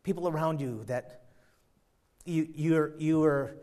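A man preaching a sermon, swinging from quiet, slow reflection to loud, climbing exhortation, often repeating words as he builds. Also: fairly high pitch. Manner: repeats and restarts phrases while building intensity.

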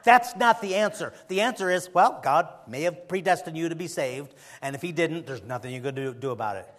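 A man's voice: a little high, brisk, big-room sound. A man preaching in a conversational way, emphatic at times and often drifting into rambling asides. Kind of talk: conversational sermon.

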